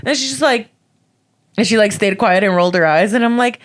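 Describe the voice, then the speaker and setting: A young woman stand-up comic chatting on a podcast, swearing often, laughing and acting out quotes in a high voice. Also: fast. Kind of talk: casual chat, storytelling.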